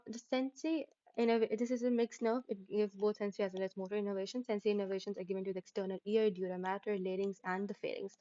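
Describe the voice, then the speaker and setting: A woman's voice: medium pitch, dark tone, no echo, muffled recording. A woman teaching anatomy in a tutorial, explaining step by step, quizzing the listener and often correcting herself with fillers. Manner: explanatory, asks quiz questions, frequent fillers and self-corrections. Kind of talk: lecture-style tutorial.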